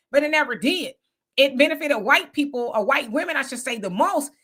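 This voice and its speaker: Emphatic high bright woman host. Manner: emphatic, fires off rhetorical questions; loose conversational street talk. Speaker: commentary host. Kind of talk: livestream commentary.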